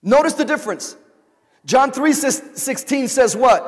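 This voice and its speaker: A pastor with a very high, lively voice preaches unhurriedly in a large church sanctuary, calling out repeated rhetorical questions for the congregation to answer. The long reverb of the big hall fills the recording.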